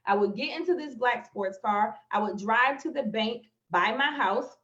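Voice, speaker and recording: On a live stream about manifestation, a woman with a high-leaning, fairly bright voice speaks at normal speed, emotionally telling a personal story straight to her viewers as a motivational speaker. Her phone or webcam audio is echoey and slightly dull.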